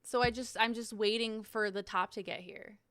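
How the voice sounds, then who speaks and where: A woman's voice: a little high, fairly even intonation, moderate pace, fairly bright tone, smooth, no echo. A young woman streamer in casual chat, reading viewer messages aloud and reacting in a chatty, giggly way.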